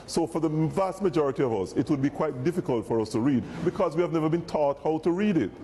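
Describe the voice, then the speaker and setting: A Jamaican reverend speaking earnestly in an interview and reading scripture. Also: male voice, on the high side, expressive, fast, mellow, slight background noise. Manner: earnest, explanatory.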